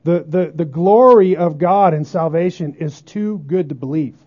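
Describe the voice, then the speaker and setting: A pastor preaching a sermon emphatically, often asking the congregation whether they agree. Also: male voice, on the high side, normal speed, a little mellow. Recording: dull lo-fi sermon recording.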